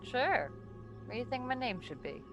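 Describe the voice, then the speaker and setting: A woman's voice: fairly high pitch, big pitch swings, moderate pace, lo-fi sound, voice pushed up. A woman voicing a laid-back, easygoing talking potted plant in a tabletop game, with music playing behind.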